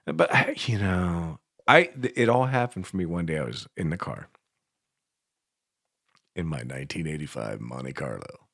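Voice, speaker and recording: Radio co-host, Appalachian man, husky low voice, crude and laughing. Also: expressive, normal speed, fairly bright tone, no room sound. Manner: foul-mouthed, laughs often, self-mocking storyteller. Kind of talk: casual chat. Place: radio studio.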